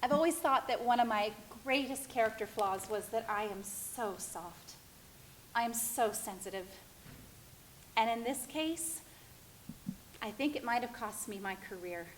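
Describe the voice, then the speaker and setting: A middle-aged woman telling her own life story as a theatrical one-woman monologue, expressive and wistful. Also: fairly high pitch, measured pace, a little hiss or hum, poor audio. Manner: expressive, wistful, self-reflective. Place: stage.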